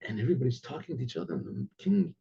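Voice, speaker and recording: A man, a rabbi, telling a story in a lively way and clearing his throat often. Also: medium pitch, racing, highs cut off. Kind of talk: oral storytelling.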